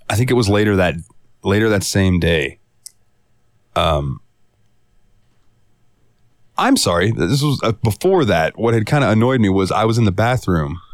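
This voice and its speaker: A man's voice: sits low, no room sound, clean studio sound. A young man co-hosting a podcast, telling a story in a profane, exasperated way and acting out the quotes. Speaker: podcast co-host. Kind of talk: casual storytelling chat.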